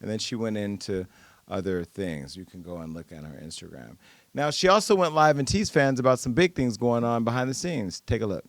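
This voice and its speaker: Playful podcast host, dry sound. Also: male voice, on the low side, expressive, fairly quick, no echo. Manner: playful, laughing, swearing. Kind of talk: casual chat.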